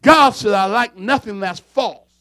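Fiery high-voiced male preacher. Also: unhurried, no room sound. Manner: fiery, swings from low asides to shouting. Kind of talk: sermon.

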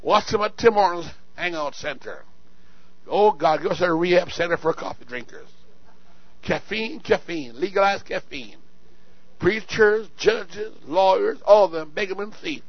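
High-voiced preacher who shouts and repeats. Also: male voice, expressive, moderate pace, no echo, highs cut off. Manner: swings from low asides to shouted exhortation, repeats words. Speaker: pastor. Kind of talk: sermon. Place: church sanctuary.

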